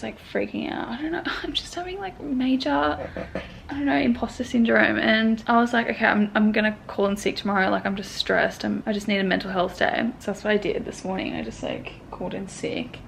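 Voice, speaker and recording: A woman's voice: mid-range voice, gravelly. A woman in her twenties in a casual vlog from her bedroom, stressed and tearful, rambling anxiously with lots of fillers and swearing. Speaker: sewing pattern designer. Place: bedroom at home. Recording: echoey room with faint background noise.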